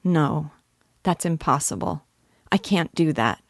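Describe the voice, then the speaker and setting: Woman reading as heartbroken young woman, earnest, pleading, low, slow. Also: flat delivery, darkish tone, no room sound, clean studio sound. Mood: anguished.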